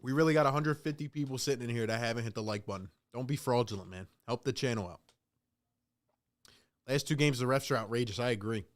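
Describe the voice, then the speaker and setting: A man's voice: medium pitch, quick pace. A man hosting a live play-by-play reaction stream, calling the game casually and venting in exasperation while he talks to his chat.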